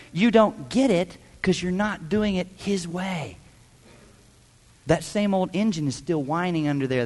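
Emphatic high-voiced male pastor preaching. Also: long reverb tail. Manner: emphatic, rhetorical questions, mimics voices. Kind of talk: sermon.

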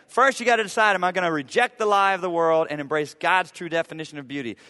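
A man's voice: on the high side, fast, sharp tone. A man preaching a sermon from the pulpit, talking conversationally and with emphasis, using humor and repeated phrases to drive points home. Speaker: pastor. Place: church sanctuary. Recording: long reverb of a church hall.

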